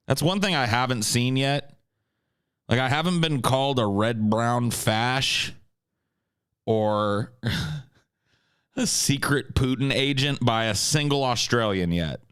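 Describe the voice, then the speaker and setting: A man's voice: medium pitch, lively intonation, unhurried, a bit bright, smooth, dry recording, clean studio sound. A man hosting a livestream, chatting casually and reading viewer comments in a crude, profane, sarcastic way. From United States. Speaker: livestream host.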